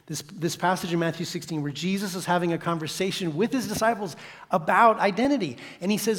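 A man giving a sermon as a guest pastor, speaking dramatically and dropping from loud declarations to a hushed whisper. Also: high-pitched, brisk. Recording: long reverb of a church hall.

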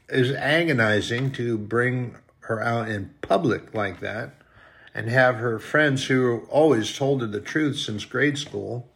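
A man's voice: medium pitch, fairly bright tone. A man preaching in a folksy, rambling storytelling style, now and then acting out short quoted voices. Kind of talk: storytelling sermon.

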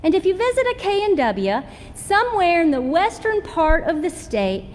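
High-voiced Southern woman preaching. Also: very animated, moderate pace, in a large hall, slight background noise. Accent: Southern American. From American South. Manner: folksy, storytelling with humor. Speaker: pastor. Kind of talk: sermon. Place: church sanctuary.

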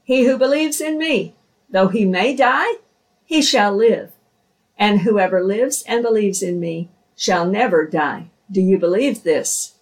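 A woman reading the lines of a calm, solemn male teacher in a slow, measured scripture reading. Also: mid-range voice, lightly acted, low-quality recording.

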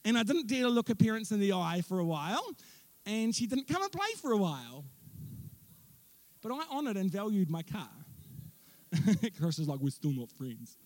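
Young male pastor, lively story-driven preaching, high-pitched, dry mic. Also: no echo. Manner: animated storytelling with self-mocking asides. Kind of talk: sermon.

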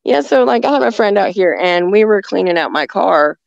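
Gravelly, rambling woman. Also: mid-range voice, animated, no echo, dull audio. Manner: rambling, halting, many restarts and fillers. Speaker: guest telling encounter stories. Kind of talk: casual storytelling on a call-in show. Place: rural home outdoors near woods.

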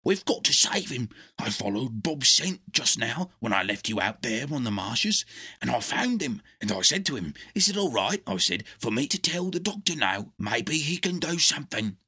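A man voicing a loyal male dog in a storybook reading, husky, urgent and pleading. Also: medium pitch, big pitch swings, moderate pace, bright, forceful tone, heavily acted.

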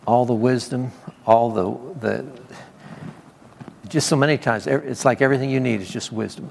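A man's voice: medium pitch, normal speed, gravelly, slight background noise. A man preaching and giving prophetic words to people in a meeting, in a casual, conversational way with laughing asides and repeated praise. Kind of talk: informal charismatic ministry. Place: church meeting hall. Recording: long hall reverb, faint background ambience.

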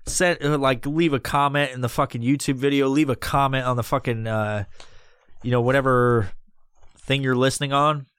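A man's voice: medium pitch, fairly even intonation, normal speed, fairly bright tone, clean tone, dry recording, clean studio sound. A man hosting a solo podcast, rambling loosely and swearing constantly as he jokes his way through a history talk. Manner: profane, rambling, loose and jokey. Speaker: podcast host. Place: recording alone.

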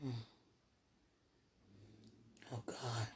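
A woman murmuring an emotional spoken prayer, soft-spoken and soothing herself. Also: extremely slow, a little hiss or hum. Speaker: mother.

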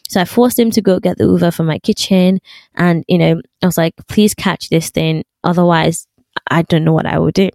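A young woman vlogger telling a story in casual chat, animated and full of fillers. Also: fairly low pitch, moderate pace, creaky, no room sound.

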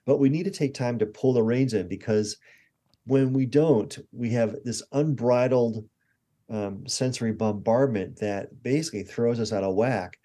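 A man in his sixties, a guest expert telling animated anecdotes in a conversational interview. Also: mid-range voice, moderate pace. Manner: animated anecdotes with acted-out quotes.

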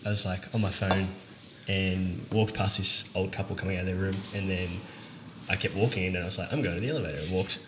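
A man with an Australian accent hosting a casual interview podcast, chatty and quick to laugh. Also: low voice, noisy background. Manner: laughs often, relaxed and chatty. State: jet lagged and tired. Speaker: podcast host.

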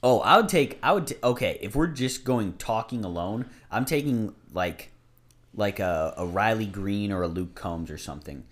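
A man's voice: on the low side, lively intonation, normal speed. A man in casual podcast chat, easygoing and a bit hesitant.

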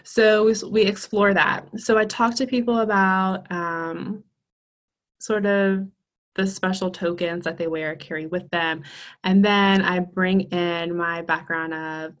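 A woman's voice: lowish voice, fairly even intonation, slow. A woman guest in a casual podcast interview, talking earnestly and enthusiastically with frequent ums.

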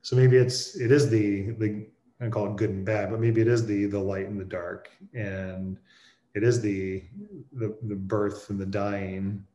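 A man with a somewhat low voice talks through a personal experience in a reflective, halting way. He pauses and restarts often as he searches for words. The recording has a noticeable roomy echo. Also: flat delivery, dark tone. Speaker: guest sharing a personal experience. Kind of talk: reflective conversational storytelling.

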